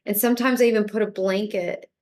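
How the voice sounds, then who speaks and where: Calm woman guiding a meditation. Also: mid-range voice, fast. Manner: calm, repetitive, gently coaxing. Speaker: spiritual teacher. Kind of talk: guided meditation talk.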